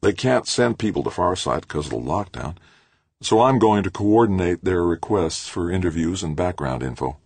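Male narrator voicing a bright, bubbly young woman, pitched up, husky and dry. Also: animated, moderate pace, no echo, full character voice. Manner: bright and chatty.

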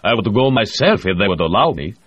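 A man voicing a glum, lean Russian project director who speaks formally and stiffly, pitched above his own voice. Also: big pitch swings, fast. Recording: dry, slightly muffled audio.

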